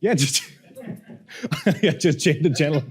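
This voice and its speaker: A man, a public speaking coach, teaching a workshop to a live audience, energetic and playful, often quizzing the room. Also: on the high side, measured pace.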